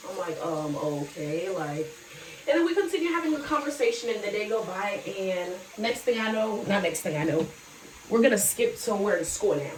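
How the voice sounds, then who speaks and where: A woman's voice: mid-range voice, lively intonation, moderate pace, far from the mic, noisy background. A young woman rambling through a casual storytime, blunt and chatty, cursing now and then and turning to address her viewers. She sits back from the mic, and the room gives her voice a hollow, roomy ring. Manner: chatty, frank, swears freely; talks straight to viewers. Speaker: vlogger.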